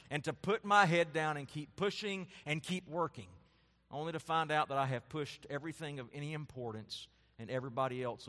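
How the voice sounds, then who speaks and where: In a large hall, a man preaching as pastor stacks his points into escalating, forceful lists, then lowers his voice for gentle, quiet remarks. His pitch leans high.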